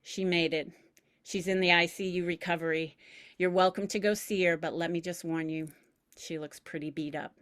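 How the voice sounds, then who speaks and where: A woman voicing a calm male surgeon, delivering hospital news briskly and matter-of-factly. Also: lowish voice, smooth, close to an everyday voice. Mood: reassuring.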